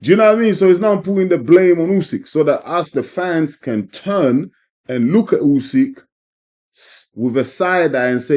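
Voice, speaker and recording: A man's voice: a little high, expressive, normal speed, a little mellow. A man giving emphatic, repetitive opinions in a casual commentary vlog. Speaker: boxing commentator.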